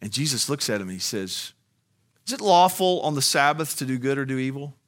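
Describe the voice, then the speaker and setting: A man's voice: medium pitch, animated, brisk, fairly bright tone. A man preaching a sermon, moving from a conversational tone to fiery, soaring emphasis. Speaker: pastor.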